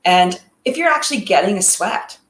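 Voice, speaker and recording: A woman's voice: medium pitch, lively intonation, moderate pace, roomy sound, slight background noise, rough recording. A woman co-hosting a casual talk on mental health in a reflective, encouraging way. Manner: reflective, encouraging, speaks in lists. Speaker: co-host.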